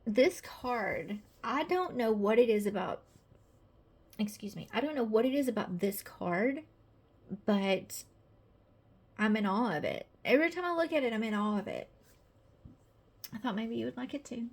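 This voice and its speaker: A woman's voice: a little high, animated, moderate pace, long pauses, a little mellow, breathy edge. A woman with a Southern American accent, chatty and gushing, presenting her own tarot deck in a casual video with many fillers.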